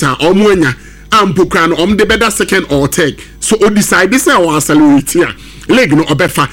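A man's voice: high voice, fairly bright tone. A man giving emphatic football analysis on a sports radio show, switching between English and Twi. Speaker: football pundit.

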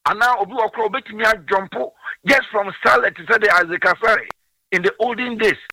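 Impassioned older Ghanaian caller, high and gravelly. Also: male voice, fairly quick, sharp tone, no room sound, distant mic. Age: 60s. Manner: impassioned, mixes languages. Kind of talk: phone-in call on a sports radio show.

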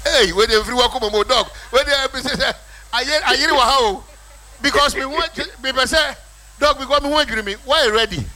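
Bright, animated Ghanaian radio host. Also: male voice, very high-pitched, fairly quick. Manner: animated, playful, mixes languages. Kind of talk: radio talk show. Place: radio studio.

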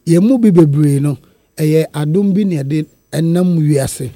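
A man's voice: on the high side, measured pace, dark tone, no echo, clean studio sound. A man, a musician, speaking earnestly and emphatically in an interview. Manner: switches between English and Twi, earnest and emphatic. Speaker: musician guest. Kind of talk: interview conversation.

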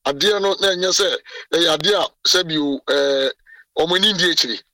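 A man's voice: fairly high pitch, a little fast, pushed and bright, dry recording. Emphatic Ghanaian man, far from the mic. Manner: code-switching, emphatic, frequent restarts. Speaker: president of a journalists' association. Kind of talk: radio interview.

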